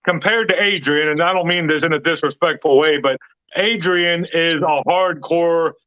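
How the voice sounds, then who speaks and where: A man's voice: fairly high pitch, normal speed, bright, forceful tone, no room sound. A man hosting a casual chat, often restarting and repeating himself to make his point. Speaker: host. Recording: dull lo-fi dry audio.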